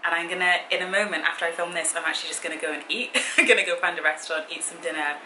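A young woman chatting casually to camera in a Q and A, easily sidetracked and quick to laugh. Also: lowish voice, fairly even intonation, pushed and bright, reverberant, a little hiss or hum, poor audio. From Britain. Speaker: fitness vlogger. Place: hotel room.

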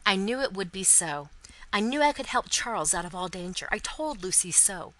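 A woman voicing a calm, confident elderly male doctor in a storybook reading, speaking with bold assurance. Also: mid-range voice, normal speed, lightly acted, rough recording.

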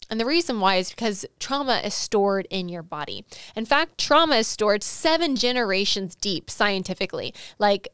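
Woman podcast host telling her own story, earnest and emotional, lots of like and you know, super smooth clean voice, totally dry sound. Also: mid-range voice, fairly bright tone, no echo. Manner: earnest and emotional, heavy with fillers and repeated words. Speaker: podcast host and sales coach. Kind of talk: personal storytelling monologue.

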